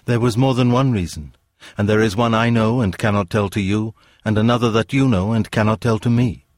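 A man voicing a serene, wise young woman from another world in a read-aloud story, speaking calmly and earnestly. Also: lowish voice, fairly quick, dry recording, clean studio sound, close to an everyday voice.

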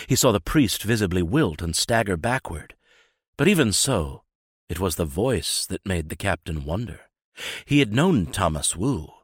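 A man with a very deep voice reads a grim true account in a steady, grave, measured way. The recording is dry and close, with no room echo. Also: slightly rough. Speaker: author and narrator. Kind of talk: scripted narration.

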